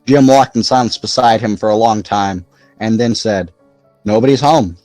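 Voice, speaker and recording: A man narrating a novel aloud in an expressive, lively storytelling manner. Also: fairly low pitch, normal speed, no echo, faint music behind. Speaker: audiobook narrator. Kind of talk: scripted narration.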